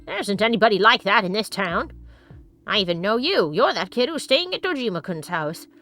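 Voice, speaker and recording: A woman's voice: medium pitch, lively intonation, brisk, pushed and bright, faint music behind. A woman voicing a grumpy old man in a video game, reading his indignant complaints about the weather. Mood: grumbling. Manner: grumbling, indignant.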